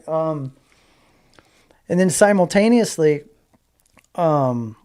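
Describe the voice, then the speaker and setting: Lively storytelling man with a slightly high voice. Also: fairly quick. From Southern California. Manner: animated anecdote teller, many likes and you-knows, acts out quotes. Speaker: guest. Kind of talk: storytelling in a casual interview.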